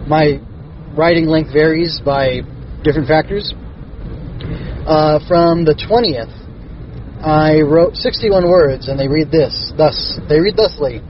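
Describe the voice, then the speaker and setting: Guy reading his own kids' stories, kinda higher voice, dull muffled audio, faint traffic. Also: slow, long pauses. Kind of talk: storybook narration and writing log.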